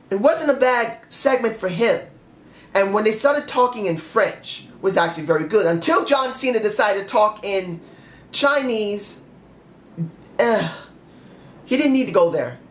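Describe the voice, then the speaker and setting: In an echoey room, a man delivers a solo rant reviewing a wrestling show, frustrated and stopping to fix his own mistakes. His voice sits high and sounds animated, with a measured pace.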